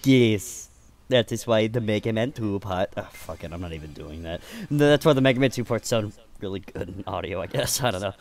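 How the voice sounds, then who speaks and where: A man's voice: on the low side, lively intonation. A young man chatting as co-commentator on a game, laughing often at his partner's jokes. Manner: laughs often, slow, gravelly drawl. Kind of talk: casual gaming commentary.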